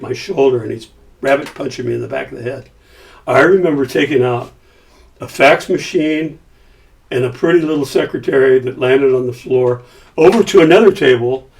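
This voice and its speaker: An older man talks through a long anecdote in an easygoing, lively way. His voice sits in a middle pitch and slips into the characters he quotes. The mic picks him up from a little distance. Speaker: podcast guest. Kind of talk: casual storytelling.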